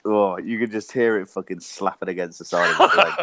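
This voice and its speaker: Deep-voiced profane Englishman. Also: a little fast, no room sound. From England. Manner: profane, animated, laughs through stories. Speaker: guest. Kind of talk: casual storytelling chat.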